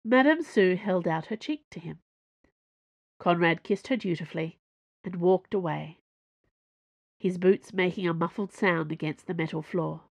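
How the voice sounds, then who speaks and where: A woman narrating a storybook in an even, measured reading. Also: lowish voice, vocal fry, no echo. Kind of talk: audiobook narration.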